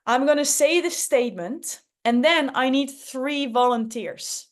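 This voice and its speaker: Casting: upbeat, emphatic woman hosting a workshop, mid-high voice. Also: a little slow. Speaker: workshop host. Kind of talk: online workshop teaching.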